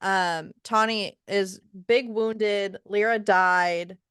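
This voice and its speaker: A woman co-hosting a casual book podcast, retelling the plot with animated quotes and sarcastic, swearing asides. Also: medium pitch, drawn-out words, smooth, no echo, studio quality. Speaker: podcast co-host.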